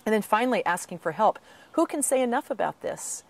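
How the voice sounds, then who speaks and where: A woman answering interview questions as an author and patient advocate, speaking earnestly and slipping into animated quoted voices, with some breathing trouble. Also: mid-range voice, brisk, creaky.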